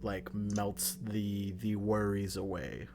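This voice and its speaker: A man's voice: fairly low pitch, level tone, slow pace, gravelly, a little mellow, slight background noise. Casual male tabletop player. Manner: casual, describes his actions. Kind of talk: tabletop game play.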